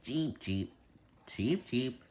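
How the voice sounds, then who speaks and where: A man's voice: medium pitch, animated, extremely slow, a little mellow. A man voicing a small, childlike cartoon bird that cheeps and guesses naively.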